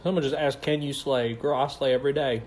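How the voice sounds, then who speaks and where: On a phone livestream, a young man who is a stage actor chats casually and reads comments aloud in a playful, campy, slangy way. He talks fast in a steady, mid-range voice with a darkish tone, and a little hiss or hum can be heard.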